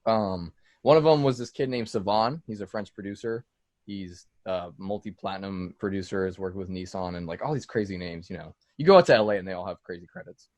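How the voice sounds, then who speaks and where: A man's voice: sits low, a little fast, a little mellow, no room sound. A man being interviewed as a music producer, telling stories loosely in casual podcast chat, with plenty of "like" and "dude" and free swearing. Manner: loose storytelling, swears freely, fillers like "like" and "dude".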